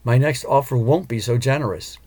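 A man's voice: mid-range voice, brisk, darkish tone, close to an everyday voice. A man voicing a haughty, threatening veiled woman in an audiobook, with a commanding, pushy manner. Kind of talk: audiobook character voice.

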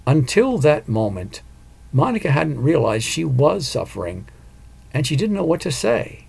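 A man reading a novel aloud in an even, measured storytelling manner. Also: a little high, vocal fry, slightly rough. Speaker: audiobook narrator. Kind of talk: scripted narration.

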